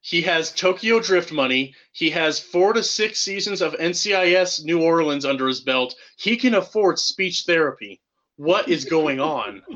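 A man's voice: fairly high pitch, animated, moderate pace, few pauses, sharp tone, dull audio. A man co-hosting a casual movie-review podcast, joking sarcastically about the film. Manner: sarcastic, riffing jokes. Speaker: podcast co-host.

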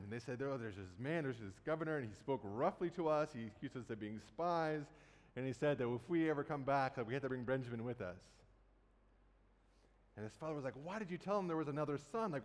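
Man, sermon, casual storytelling, mid-pitched voice, long hall reverb. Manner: conversational, acts out quotes casually. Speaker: preacher. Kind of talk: sermon retelling a Bible story.

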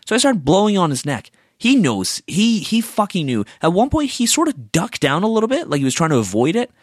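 Young man, fairly high voice with big swings, dry close sound; profane, sarcastic storyteller venting. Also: wildly swooping pitch, a little fast, no echo. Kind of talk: casual storytelling rant.

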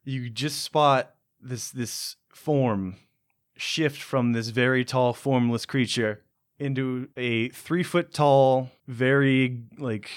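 A man acts as game master for a tabletop game, describing scenes haltingly and with plenty of filler words. His voice sits at a medium pitch with fairly even intonation.

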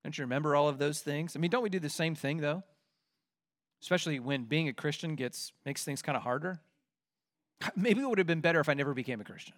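A man's voice: on the high side, animated, a little fast, long pauses, a bit bright. A man preaching a sermon, reading scripture aloud and acting out people's complaints with rising emphasis. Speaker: pastor.

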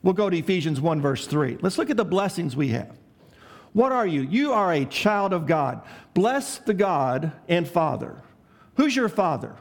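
A man's voice: on the high side, sing-song, moderate pace, creaky. A man preaching a sermon as pastor, asking the congregation questions and letting them answer, with emphatic, varied delivery.

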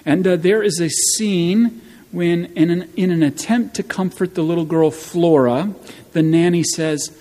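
A man preaching a sermon as pastor, slow and emphatic, with wry asides, in a church. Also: fairly high pitch, mellow. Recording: long church reverb.

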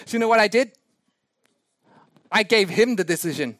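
Male preacher, high register, sermon storytelling, jokes at his own expense, dry close recording. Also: moderate pace, long pauses, no room sound. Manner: animated, self-mocking anecdotes with laughs.

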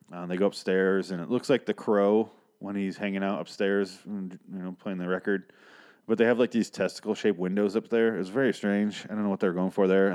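A man's voice: lowish voice, a little mellow. A man hosting a podcast, recapping a TV episode in a casual, profane, sarcastic and rambling way. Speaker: podcast host.

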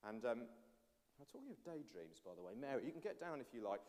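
Man preaching with lively pitch. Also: fast. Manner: animated storytelling, addressing children. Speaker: pastor. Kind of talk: all-age sermon with children. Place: church. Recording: long church reverb.

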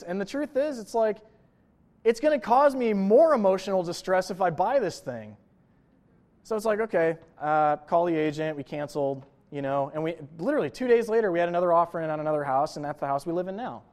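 High-voiced man preaching conversationally. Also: animated, brisk, a little mellow. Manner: conversational preaching with frequent "right?" and "you know" asides. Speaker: pastor. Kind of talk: sermon.

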